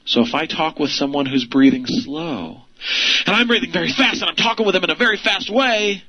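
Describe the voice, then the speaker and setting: Man, real estate trainer, animated pitch, slightly high voice, rhetorical questions. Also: fairly quick, highs cut off. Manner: lively, rhetorical questions, frequent light laughs. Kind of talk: instructional video lesson.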